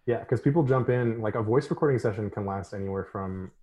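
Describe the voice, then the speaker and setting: A man co-hosting a podcast in casual chat, animated and laughing often, full of fillers. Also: on the low side, brisk. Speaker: podcast co-host.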